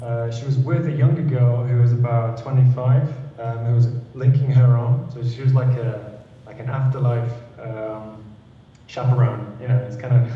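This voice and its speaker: A man's voice: mid-range voice, very echoey, far from the mic, highs cut off, slight background noise. A man, a panel guest, telling a personal story earnestly and repeating words as he goes.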